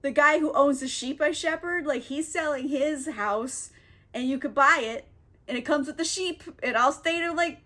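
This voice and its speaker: A woman's voice: sits high, normal speed, sharp tone. A woman doing a slangy easygoing shepherd. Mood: casual. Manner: casual, slangy.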